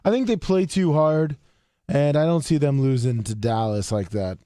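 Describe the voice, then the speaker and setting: A man's voice: a little high, normal speed, mellow, clean tone, no room sound, clean studio sound. A man co-hosting a casual sports show, teasing his co-hosts while making his football picks.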